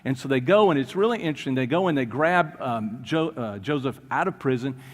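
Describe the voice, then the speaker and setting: A man preaching a sermon as pastor, telling a story in an animated way and briefly acting out the people in it. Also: medium pitch, a little fast. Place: church. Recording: long reverb of a church hall.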